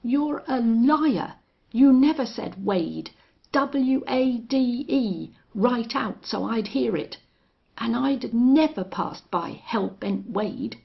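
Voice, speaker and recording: A woman voicing a rough, frightened male rustler leader who shouts huskily. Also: fairly high pitch, lively intonation, slow pace, voice pushed up, full character voice. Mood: shouting. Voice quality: husky, shouting. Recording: dull lo-fi audio.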